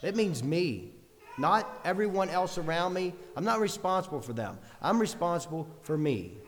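A man's voice: high voice, very animated, normal speed, long reverb tail, slight background noise. A man preaching a sermon in an earnest way, building long lists with rising emphasis.

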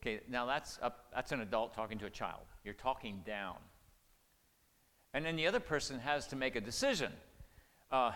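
A man's voice: medium pitch, expressive, normal speed, fairly bright tone. An older man giving a folksy, conversational sermon, chuckling and acting out quoted lines. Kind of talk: sermon on marriage communication. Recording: long hall reverb.

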